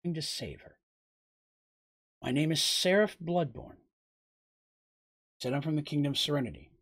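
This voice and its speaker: A man's voice: fairly high pitch, expressive, moderate pace, husky, exaggerated voice. A man voicing an intense young warrior who talks bluntly and protectively. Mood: earnest. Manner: blunt and forceful.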